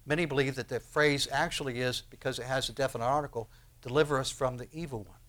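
A man preaching a sermon as pastor, swinging from hushed, low phrases to loud emphatic ones and asking his listeners rhetorical questions. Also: steady tone, fast.

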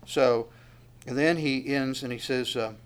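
A man preaching a sermon in a plain, conversational voice of ordinary pitch. He puts questions to the congregation and sometimes sinks to a near whisper. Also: steady tone, a little slow, smooth. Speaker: pastor.

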